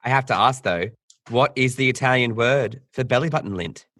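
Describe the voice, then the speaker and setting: A man's voice: medium pitch, fairly quick, pushed and bright, dry recording, studio quality. A man hosting an interview and asking his guest curious follow-up questions. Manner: curious, asks follow-ups. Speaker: podcast host.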